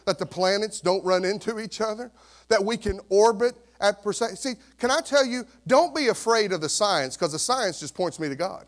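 Preaching as pastor, a man in his fifties speaks in a high voice. His sermon is animated and conversational, full of rhetorical questions.

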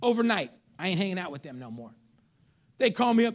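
A middle-aged man preaching a sermon as pastor. He swings between loud calls to the congregation and near whispers, and uses casual street slang. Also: high-pitched, big pitch swings, fairly quick.

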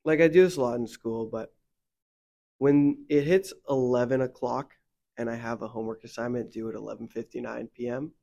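This young podcast co-host speaks in a mid-range voice, fairly quickly, with some vocal fry. On his faith show he chats loosely, rambling through plenty of fillers, and grows heated whenever he starts venting.

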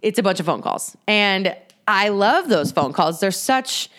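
Candid young woman in a swearing monologue. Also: measured pace. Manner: candid, swears freely, animated quoting with sudden high-pitched outbursts. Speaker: podcaster sharing personal stories. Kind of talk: casual personal monologue. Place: home in Chicago.

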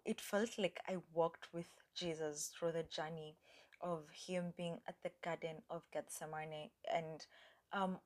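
A woman's voice: fairly low pitch, a little mellow. A young woman hosting a podcast, telling her personal faith story in an earnest, reflective way, with fillers and at times dropping almost to a whisper. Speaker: podcast host. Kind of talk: personal faith testimony, casual talk.

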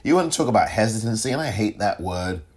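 A man's voice: on the low side, expressive, quick pace, darkish tone, slightly rough. A man hosting a solo podcast, talking casually and rambling, often chuckling and correcting himself. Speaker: podcast host.

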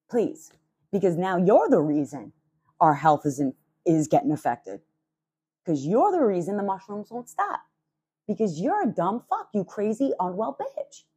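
Husky, foul-mouthed ranting woman. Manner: fiery, sarcastic, swears constantly; animated, leaps up in pitch for emphasis. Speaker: podcast host. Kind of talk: profane podcast rant.

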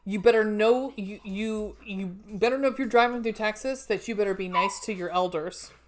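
A woman's voice: medium pitch, moderate pace. A young woman co-hosting a casual podcast chat about a horror film, rambling with many fillers and casual swearing. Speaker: podcast co-host.

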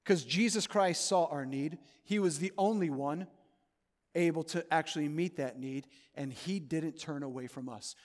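A man preaching a sermon as pastor of his church, earnest, moving between loud urging and soft, hushed pleading. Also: on the high side, normal speed, in a large hall. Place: church sanctuary.

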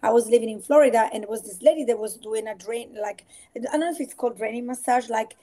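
A woman speaks as a podcast guest in a fairly high voice. She tells her stories with animation, slipping into quoted voices as she goes. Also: quick pace. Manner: animated storyteller acting out quotes. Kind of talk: casual faith-based interview talk.

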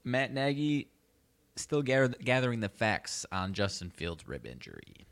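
A man's voice: mid-range voice, wildly swooping pitch, measured pace, gravelly, fairly bright tone. A man co-hosting a sports podcast, giving laid-back, brief and joking replies. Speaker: podcast co-host. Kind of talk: casual sports chat.

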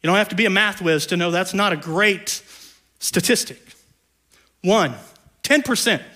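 At a moderate pace, this man preaches as a pastor, swinging between quiet low passages and loud raised ones while dropping in playful, conversational asides.

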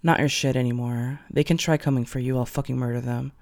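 A man voicing a hot-tempered young male hero, talking in rough, clipped, swearing bursts. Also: medium pitch, steady tone, brisk, darkish tone, dry recording, studio quality, lightly acted. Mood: gruff.

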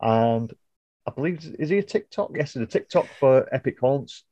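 Man, mellow dull-sounding podcast voice. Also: medium pitch, expressive, normal speed, dry recording. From United Kingdom. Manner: rambling, self-correcting, apologetic. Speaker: podcast co-host. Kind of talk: casual podcast chat.

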